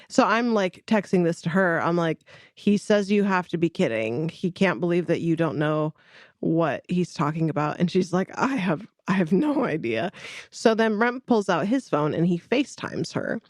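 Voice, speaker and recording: Chatty lower-voiced woman storyteller. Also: expressive, normal speed, no room sound, studio quality. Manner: chatty storyteller, acts out quotes with laughs. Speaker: podcast co-host. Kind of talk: casual chat.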